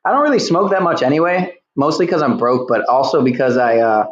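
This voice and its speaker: A man's voice: medium pitch, brisk. A man hosting a casual livestream panel, rambling and laughing at himself. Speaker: podcast host. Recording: roomy, dull home mic with faint hiss.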